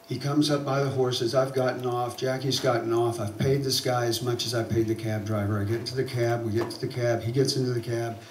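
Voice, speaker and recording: A man from South Alabama with a Southern accent, telling a personal story live on stage, animated and getting louder at the tense moments. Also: medium pitch, a little hiss or hum. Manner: animated, building to loud excitement at tense moments. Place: theater stage. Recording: roomy live hall recording from a distance.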